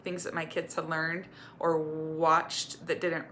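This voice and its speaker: A woman's voice: sits low, flat delivery, slow, fairly bright tone, slight background noise. A woman recovery coach giving candid, earnest personal advice to camera. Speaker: eating disorder recovery coach.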